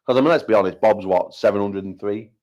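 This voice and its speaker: A British man, an arm wrestling promoter, hosting a casual livestream chat full of banter and quick joking asides, often repeating himself. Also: lowish voice, a little mellow, highs cut off. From United Kingdom.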